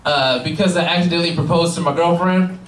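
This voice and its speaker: A man doing a stand-up comedy set, telling profane, animated stories with exaggerated voices to a live audience. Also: on the high side, fast. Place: cannabis club comedy show before a live audience. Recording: roomy live room, distant mic, crowd laughter.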